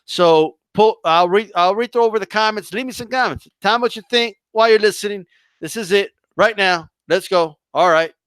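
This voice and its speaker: A man hosting a boxing livestream, talking in a loud, mocking, hyped way and swearing freely. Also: high-pitched, fairly quick, clean tone, no echo, studio quality. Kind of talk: casual livestream rant.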